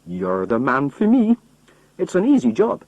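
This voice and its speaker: A man voicing an easygoing roadman who gives friendly instructions, with a husky voice. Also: mid-range voice, wildly swooping pitch, a little slow, a little mellow, dry recording, highs cut off, pitched above the performer's own voice. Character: friendly Scottish roadman, older working man.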